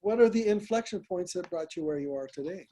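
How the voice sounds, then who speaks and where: A man's voice: sits high, animated, fairly quick, mellow. Friendly man hosting a group call. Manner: friendly, brief affirmations. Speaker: host.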